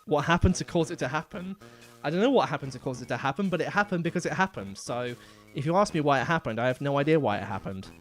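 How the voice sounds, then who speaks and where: A man's voice: on the high side, expressive, quick pace, soft background music. A man streaming a game live, chatting casually and rambling, laughing often as he talks. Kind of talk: casual live gameplay commentary.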